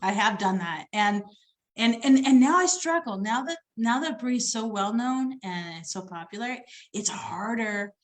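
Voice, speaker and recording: A woman romance author talking casually about her writing, chatty and quick to laugh. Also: a little high, animated. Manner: chatty, warm laughs, repeats herself. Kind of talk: casual chat.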